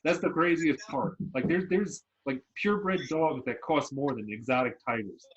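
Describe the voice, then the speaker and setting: A man's voice: a little high, normal speed, slightly rough, dull audio. A man co-hosting a casual podcast chat, rambling and filling his talk with "like". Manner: rambling, peppered with "like". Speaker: podcast co-host.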